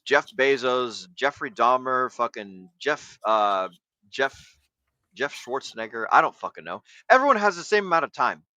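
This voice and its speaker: A man's voice: mid-range voice, very animated, moderate pace, sharp tone, no echo, rough recording. A man hosting a casual talk show, lecturing a guest in a coaching, profane way. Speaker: podcast host. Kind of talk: casual livestream chat.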